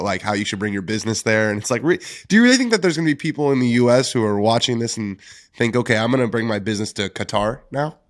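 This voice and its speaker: Sarcastic podcast dude, talks fast. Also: male voice, mid-range voice. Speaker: podcast co-host. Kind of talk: casual chat.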